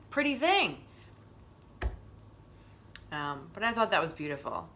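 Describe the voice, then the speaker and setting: A woman's voice: on the low side, very animated, a little slow, bright, forceful tone. A middle-aged woman hosting a wellness stream in casual chat, rambling and openly emotional as she talks.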